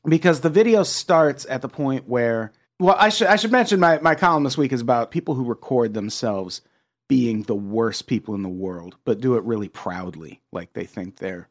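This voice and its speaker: A man hosting a podcast, telling a story in casual chat, animated and quick to laugh. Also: mid-range voice. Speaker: podcast host.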